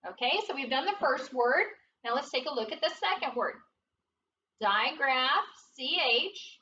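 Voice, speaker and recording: A woman teaching a phonics lesson to young children, spelling words slowly and prompting them with encouragement. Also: high-pitched, expressive, pushed and bright, slight background noise. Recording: dull, roomy sound from a distance.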